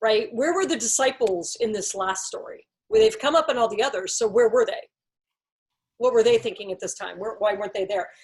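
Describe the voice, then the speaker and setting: A woman's voice: fairly high pitch, expressive, a little fast, darkish tone. A woman leading a casual Bible study discussion, explaining thoughtfully with examples and many "like"s and "you know"s.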